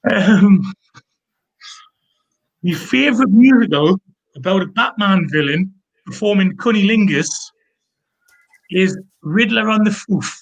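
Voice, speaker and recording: A man competing in a pun contest, delivering a spoonerism joke deliberately. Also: high-pitched, lively intonation, rough recording.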